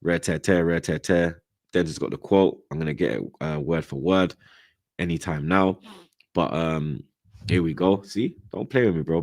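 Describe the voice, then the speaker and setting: A young man with a London accent hosting a football chat show, ranting in heavy slang and swearing as he builds to loud outbursts. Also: sits low, moderate pace, no echo. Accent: London, multicultural London English slang. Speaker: football podcast host. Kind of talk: heated casual football chat.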